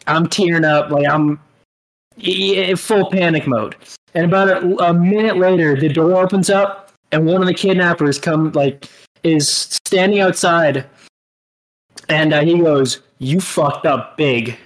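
A man co-hosting a casual podcast, telling a long story in a halting, rambling way and laughing as he goes. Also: on the high side, steady tone, low-quality recording. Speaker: podcast co-host. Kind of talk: casual chat.

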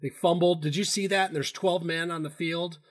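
A man talks sports betting in loose, rambling fashion, cursing freely and restarting his sentences. His voice sits a touch higher than most men's. It is an easy, casual co-host delivery. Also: steady tone, normal speed. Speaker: podcast co-host.

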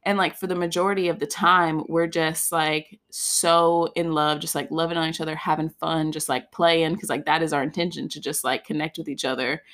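A woman's voice: low-pitched, level tone, moderate pace, hardly any pauses, fairly bright tone. A woman co-hosting a podcast, telling a personal story in candid casual chat, peppered with "like". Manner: candid storytelling, heavy use of "like", swearing.

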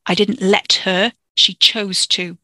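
Storyteller playing a stammering defensive young guy, gravelly edge, dry close sound. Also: sits high, flat delivery, slow pace, pushed and bright, no room sound, full character voice. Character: young man, defensive and exasperated cousin.

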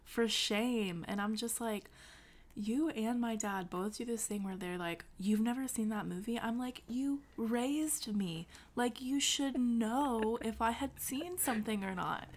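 A woman's voice: a little high, a little slow. A woman co-hosting a podcast, telling stories playfully and laughing often. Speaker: podcast co-host. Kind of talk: casual chat.

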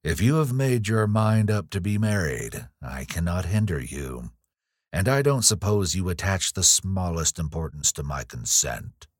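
A man voicing a dying, malicious old nobleman who speaks slowly in a menacing half-whisper. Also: deep voice, animated, no room sound, studio quality. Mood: sneering. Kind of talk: audiobook reading.

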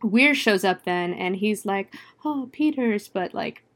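A woman's voice: medium pitch, a little slow, a bit bright. Chatty, foul-mouthed woman recapping a movie. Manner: chatty, profane, full of "like" fillers; laughs often while retelling. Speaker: film reviewer.

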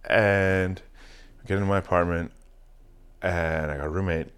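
Podcast host, male, low register; foul-mouthed, animated anecdote teller. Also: moderate pace, clear, resonant tone. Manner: profane, animated storyteller. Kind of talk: casual storytelling chat.

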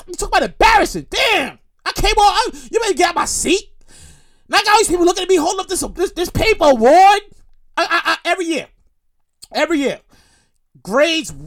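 A man from Brooklyn with a New York accent, hosting a podcast and telling profane, repetitive stories in a casual monologue. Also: very high-pitched. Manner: animated, profane, repetitive storytelling. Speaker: podcast host.

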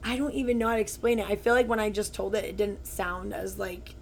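A woman's voice: mid-range voice, fairly even intonation, quick pace, a little hiss or hum. A woman in her twenties chatting casually as a podcast co-host, telling stories with lots of "like" fillers. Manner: chatty storytelling, full of "like" fillers. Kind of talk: casual chat.

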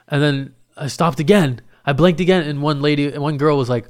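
A young man tells a story in a loose, rambling way, swearing freely and poking fun at himself. His voice is smooth and clear, with a mid-range pitch. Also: fast talker, hardly any pauses. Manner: profane, rambling, self-mocking. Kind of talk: casual storytelling.

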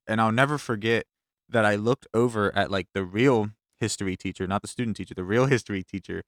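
A man's voice: on the low side, a bit bright, no room sound, clean studio sound. A young man co-hosting a podcast, telling laid-back stories in casual chat. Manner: laid-back storyteller, laughs easily. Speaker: podcast co-host.

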